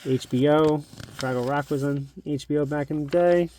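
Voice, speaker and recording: A man's voice: a little high, fairly even intonation, moderate pace, darkish tone, a little hiss or hum. Chatty man leafing through an old magazine. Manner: chatty, nostalgic, thinks aloud. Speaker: collectibles channel host. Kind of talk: casual show-and-tell narration.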